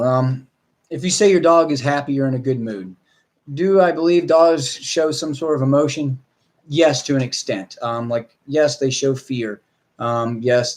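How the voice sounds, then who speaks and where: A man's voice: mid-range voice, darkish tone. A man, a dog trainer, talking casually to viewers in a rambling, blunt way with mild swearing.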